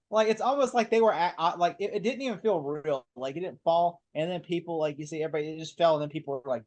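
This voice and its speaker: A man's voice: on the high side, quick pace, hardly any pauses, dull audio. A man co-hosting a casual podcast, telling stories and acting out scenes with laughs. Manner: animated storytelling, acts out scenes with laughs. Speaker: podcast co-host. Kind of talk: casual chat.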